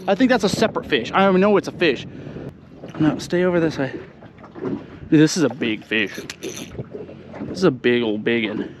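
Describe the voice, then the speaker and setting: A man giving excited, laughing commentary while fishing on a lake, talking to his viewers. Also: high voice. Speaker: fishing vlogger. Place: outdoors on a boat on a lake. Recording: noisy outdoor boat recording.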